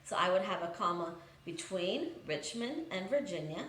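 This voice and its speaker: A woman's voice: fairly low pitch, expressive, normal speed, fairly bright tone, slight background noise. Methodical woman teacher, echoey room. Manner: patient, methodical, reads example sentences aloud then explains. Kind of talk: recorded grammar lesson for students.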